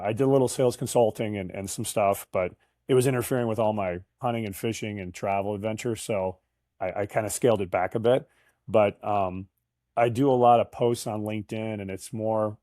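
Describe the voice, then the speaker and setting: A man's voice: fairly low pitch, normal speed, darkish tone, dry recording, studio quality. A man in his fifties, a guest in an interview, telling chatty anecdotes with frequent laughs and restarts. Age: 50s. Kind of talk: casual interview storytelling.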